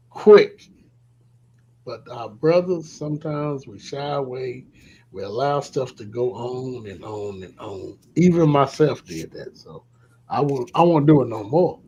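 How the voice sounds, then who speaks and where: A man, telling a candid, confessional story in casual chat, often trailing off softly. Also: medium pitch, breathy edge, dull audio.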